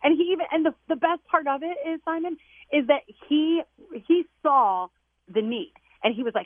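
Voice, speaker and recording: A woman phones in to a radio show and tells her story with excited, animated energy. Her fairly high voice comes through a tinny, dry phone line. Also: normal speed, no room sound. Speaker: caller. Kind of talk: phone-in chat. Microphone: telephone.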